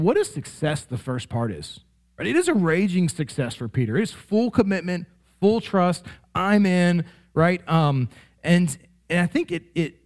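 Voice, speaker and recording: A man preaching a sermon as pastor, conversational and animated, with frequent "right?" asides that check in with the congregation. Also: fairly high pitch. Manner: animated, rising sharply in playful examples.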